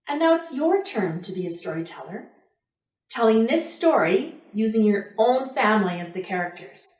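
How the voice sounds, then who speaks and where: Slow, expressive woman storyteller. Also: a little high, roomy sound, recorded from a distance, poor audio. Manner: rhythmic, repetitive, expressive. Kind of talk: children's storytelling.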